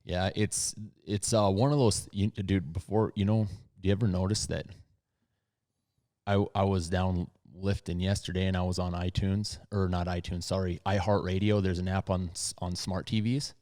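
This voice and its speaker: Male podcast host, thirties, deep and soft-spoken, loose conversational restarts. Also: little pitch movement, normal speed. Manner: low, soft-spoken radio voice, rambling restarts. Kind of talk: casual chat. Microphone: studio podcast mic.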